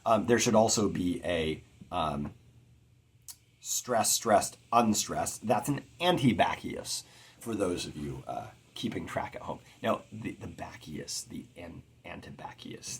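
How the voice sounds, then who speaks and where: A man giving an earnest, expressive lecture on poetic meter, sounding out rhythms as he teaches. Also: on the low side, a little hiss or hum. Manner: earnest and expressive, tapping out rhythms with spoken syllables. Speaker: poetry teacher.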